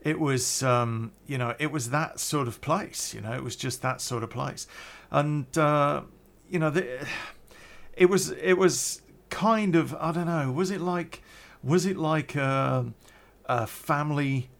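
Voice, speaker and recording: A man's voice: a little high, a little slow, vocal fry, fairly bright tone. A middle-aged man casually telling a story on a podcast, rambling and hesitant, with many fillers and restarts.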